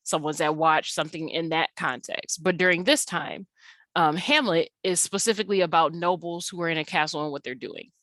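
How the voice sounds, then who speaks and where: A woman's voice: deep voice, fairly quick, a bit bright, dry recording. A woman teaching an English class in a recorded slide tutorial, explaining casually with lots of fillers and restarts.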